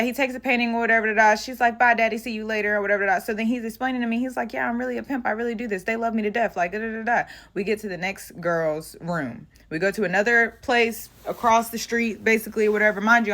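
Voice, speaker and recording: Young woman rattling off a crazy story fast, cussing nonstop, super blunt and animated. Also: medium pitch. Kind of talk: storytime monologue.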